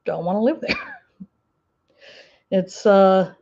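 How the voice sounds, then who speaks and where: A woman's voice: medium pitch, wildly swooping pitch, takes it slowly, gravelly, mellow. Woman host with an Ozark twang, mid-range voice, rambling casual livestream chatter, slightly muffled lo-fi audio. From Ozark Mountains, US. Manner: chatty and rambling, with many fillers and laughs. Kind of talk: casual livestream chat answering viewer comments.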